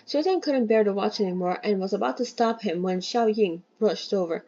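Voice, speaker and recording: Brief: woman, mid pitch, casual novel read-aloud with self-corrections, slightly dull lo-fi home recording. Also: lively intonation, a little fast, warm tone. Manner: reads steadily, breaks in with cheeky swearing asides and self-corrections. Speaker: reader of a novel.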